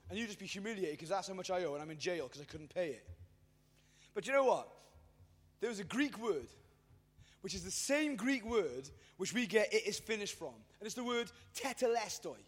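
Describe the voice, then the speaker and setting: A man preaching a sermon in casual slang, with self-mocking asides, building from easy storytelling to shouted fervor. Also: sits high, animated, fairly quick, breathy edge. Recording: long hall reverb.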